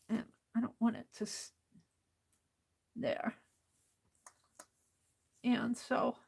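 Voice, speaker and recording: Tired lady doing a late night craft stream, slow and kinda high voice, mumbles to herself while she works. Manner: soft-spoken, talking to herself as she works. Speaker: crafting livestream host. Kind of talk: casual talk while crafting live.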